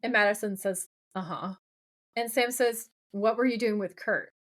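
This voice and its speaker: A woman's voice: mid-range voice, moderate pace. A woman co-hosting a podcast, recapping a TV episode in casual chat and acting out the characters' lines as she goes. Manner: animated retelling, quoting the characters' lines. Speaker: podcast co-host.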